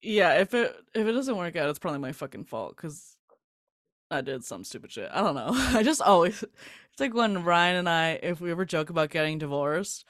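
A woman's voice: on the low side, lively intonation, normal speed, fairly bright tone, dry recording, clean studio sound. A young woman hosting a podcast in casual chat, laughing often and swearing freely as she tells stories. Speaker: podcast host.

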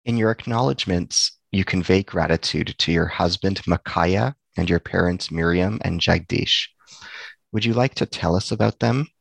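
Male interviewer, measured and formal; very low gravelly voice, dry recording. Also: no echo. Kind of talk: interview questions.

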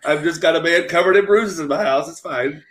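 Slightly high-voiced guy on a podcast, giggly, keeps asking why. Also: fairly bright tone. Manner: giggly, questioning, halting. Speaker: podcast co-host. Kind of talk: casual chat.

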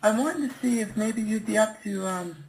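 A man's voice: high-pitched, moderate pace, slight background noise, poor audio. A man voicing a nervous young woman in her twenties on a prank call, giggling and hesitant with many ums. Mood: nervous giggly.

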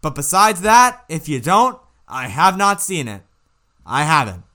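A man co-hosting a casual sports podcast, animated and exasperated with rhetorical questions. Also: a little high, unhurried. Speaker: podcast co-host.

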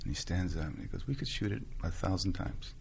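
A man with a very low voice tells stories with wide, lively swings in pitch. Faint background noise sits under the conversation. He acts out the quoted lines as he goes. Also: fast, vocal fry. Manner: animated storyteller, acts out quotes in a high voice. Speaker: actor. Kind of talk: casual chat.

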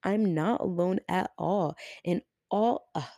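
A young woman podcaster with a low, mellow voice speaks unhurriedly in a casual solo monologue, animated and chatty with frequent "like" and swearing. Emotion builds until she is near tears. The recording is studio quality, free of room sound.

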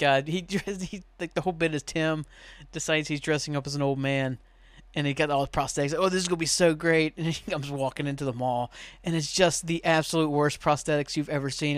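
A man's voice: on the high side, a bit bright, clean tone, dry recording. A young man hosting a podcast in casual, rambling chat, laughing often and swearing now and then. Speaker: podcast host.

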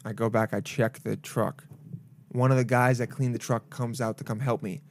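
A young man with a middle-pitched voice chats loosely with a co-host. He backs her up often and laughs along, and he puts on lively voices when he quotes someone. A faint hiss sits behind him. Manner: chatty, quick to agree, laughs along, acts out quoted voices. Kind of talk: casual chat.

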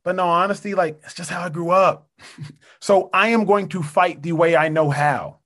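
Give me a young man on a podcast, measured and earnest, fairly high voice. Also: fairly bright tone. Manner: measured, earnest, precise wording. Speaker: podcast guest. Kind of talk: casual debate.

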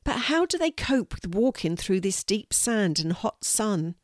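A woman's voice: mid-range voice, very animated, a little slow, dry recording, clean studio sound. A woman voicing a curious young boy in a children's storybook, complaining and irritable about the heat. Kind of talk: storybook reading.

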